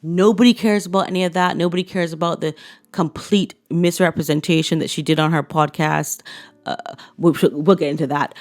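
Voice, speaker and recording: A woman's voice: low-pitched, fairly even intonation, a little fast. A woman giving blunt, sarcastic opinion commentary in a casual chat style. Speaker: commentary vlogger.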